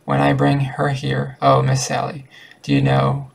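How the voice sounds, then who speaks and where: An earnest, lovestruck young man from a storybook, pleading his case, as read by a man. The voice is creaky and husky with little pitch movement. It stays close to a plain reading voice. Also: monotone, unhurried, low-quality recording.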